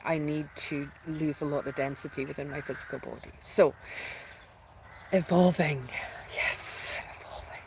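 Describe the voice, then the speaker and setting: A woman's voice: low voice, fairly bright tone, a little hiss or hum, poor audio. A woman hosting her own spiritual channel, talking in a heartfelt, rambling way full of restarts and fillers, close to tears at times. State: tearful at times. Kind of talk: emotional personal announcement.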